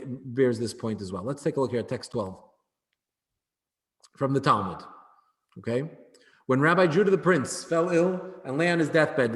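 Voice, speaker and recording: A man teaching an evening class in a conversational way, often checking in with "right?". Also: a little high. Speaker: Jewish studies teacher. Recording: echoey hall.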